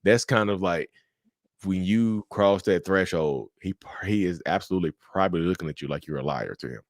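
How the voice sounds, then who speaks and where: A man hosting a casual podcast chat, animated and quick to act out angry quotes, swearing freely. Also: low voice, gravelly, dry recording, studio quality. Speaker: podcast host.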